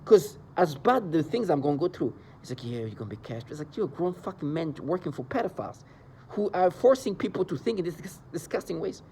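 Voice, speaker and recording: A man's voice: high-pitched, lively intonation, brisk, gravelly, dark tone, slightly rough. A man delivering an agitated, rambling monologue into the camera, with mocking asides. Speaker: vlogger describing being targeted. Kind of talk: angry monologue.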